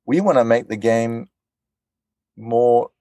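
A man being interviewed as a voice actor, telling animated stories and acting out quotes. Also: medium pitch, takes it slowly, no echo. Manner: animated storyteller, acts out quotes. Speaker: voice actor guest. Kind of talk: casual interview chat.

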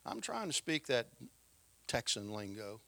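A man preaching a lively sermon in a folksy, emphatic way, swinging between loud stresses and quiet asides. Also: medium pitch, unhurried, gravelly, no room sound.

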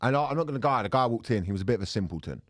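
Guy, mid pitch, rambling storyteller, swears a lot, dry close sound. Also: expressive, very fast, dry recording. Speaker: podcast host. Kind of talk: casual chat.

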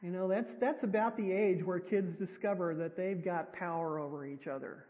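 A woman's voice: fairly low pitch, steady tone, moderate pace. A woman preacher giving a sermon in a church, talking conversationally with wry, self-deprecating humor. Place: church sanctuary. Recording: tinny, echoey hall sound.

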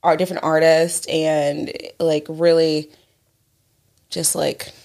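A young woman talks casually as a podcast co-host. Her voice sits fairly low for a woman, and she rambles with lots of fillers and giggles. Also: flat delivery, takes it slowly, gravelly, darkish tone. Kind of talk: casual chat.

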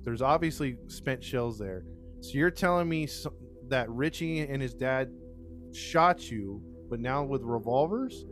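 A man's voice: mid-range voice, expressive, unhurried, fairly bright tone, soft background music. A man casually retelling a crime case to co-hosts, acting out the quotes with lots of fillers and restarts. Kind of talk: casual storytelling chat.

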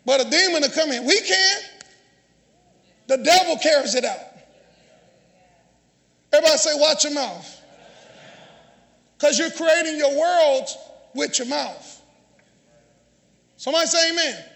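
Male pastor, very high bright voice, call-and-response sermon, long church reverb. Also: expressive, normal speed, gravelly, pauses often. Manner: call-and-response preaching, often shouting. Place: church sanctuary.

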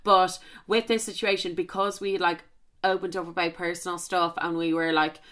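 Blunt, bright-voiced young woman. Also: lowish voice, little pitch movement, normal speed. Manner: candid and emphatic, swears freely. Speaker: podcast host. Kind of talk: casual podcast storytelling.

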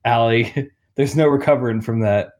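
A man's voice: medium pitch, normal speed, darkish tone. A man co-hosting a podcast, joking and laughing in casual chat. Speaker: podcast co-host.

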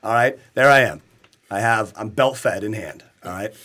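A man co-hosting a casual podcast, telling profane, animated stories and laughing often. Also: fairly low pitch, normal speed.

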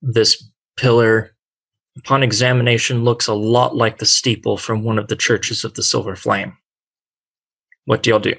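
A man running a tabletop game as game master, narrating the scene in a deliberate, descriptive way. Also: fairly low pitch, level tone, vocal fry, a bit bright.

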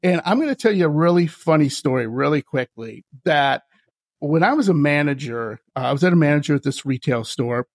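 A man hosting a podcast, telling animated stories, often laughing and acting out the voices of the people in them. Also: fairly high pitch, fairly quick, no echo. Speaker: podcast host. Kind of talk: casual storytelling chat.

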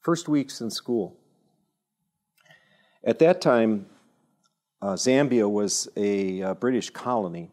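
A man giving an informal talk at a church evening, telling stories with self-deprecating humor and frequent halting restarts. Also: lowish voice, a little mellow. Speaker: speaker at a church teaching evening.

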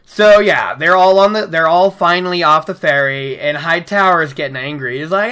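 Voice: medium pitch, normal speed, hardly any pauses, sharp tone, clear, resonant tone. A podcast host casually recapping a fantasy book chapter with chatty, enthusiastic asides.

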